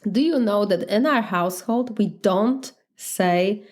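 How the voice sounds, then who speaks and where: A woman with a Polish accent talks through her thoughts as a life coach in a solo podcast. Her voice sits at an ordinary middle pitch, and she speaks candidly and reflectively, with light laughter between thoughts. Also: unhurried. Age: adult, married. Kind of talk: podcast monologue.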